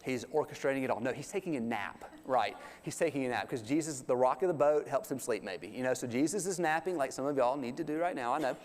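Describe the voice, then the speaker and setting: A man preaching a sermon in a folksy, animated way, acting out the quotes he tells. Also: mid-range voice, quick pace, few pauses. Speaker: pastor. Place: church sanctuary. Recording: long hall reverb.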